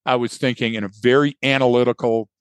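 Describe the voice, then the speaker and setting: A man's voice: mid-range voice, fairly even intonation, quick pace, clear, resonant tone, no echo. A man co-hosting a podcast, telling a story with energy and acting out his own thoughts. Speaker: podcast co-host. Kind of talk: casual conversational storytelling.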